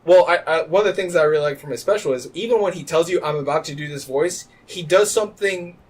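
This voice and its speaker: A man's voice: a little high, quick pace, slight background noise. A man co-hosting a podcast, chatting casually and rambling with frequent restarts. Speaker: podcast co-host. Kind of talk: casual chat.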